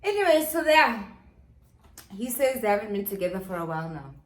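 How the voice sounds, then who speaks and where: A woman's voice: mid-range voice, very animated, a little fast. A woman vlogger telling a gossip story while doing her makeup at home, chatty with dramatic asides to viewers. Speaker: beauty vlogger. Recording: echoey room.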